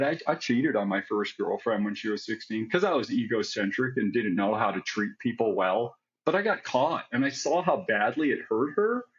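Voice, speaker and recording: A man's voice: medium pitch, fairly bright tone, highs cut off. A man telling his own story as an interview guest, candid and reflective, often adding "like" and "right?". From United States. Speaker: guest, psychiatric pharmacist.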